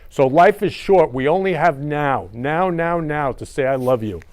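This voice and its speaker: A man's voice: a little high, lively intonation, normal speed, darkish tone. A male show host talking in an effusive casual monologue, repeating loving phrases over and over.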